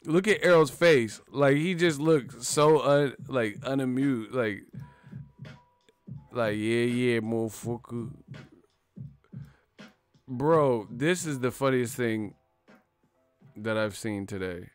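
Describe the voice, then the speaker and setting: Man, live-stream host, casual banter, swears a lot, mid-pitched voice, faint music behind. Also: takes it slowly, no room sound. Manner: loose, profane, filler-heavy banter.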